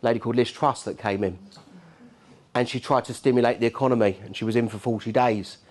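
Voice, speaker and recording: A man's voice: mid-range voice, steady tone, fast. A middle-aged man with a Cockney accent giving a keynote speech at a conference. He talks in a punchy, rhetorical way and keeps checking in with the crowd. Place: conference hall.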